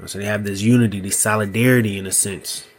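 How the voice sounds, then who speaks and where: A man hosting a solo podcast, talking slowly and loosely, often asking "you know what I mean". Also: fairly low pitch, steady tone. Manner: slow, thoughtful delivery with small laughs. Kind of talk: casual solo podcast monologue.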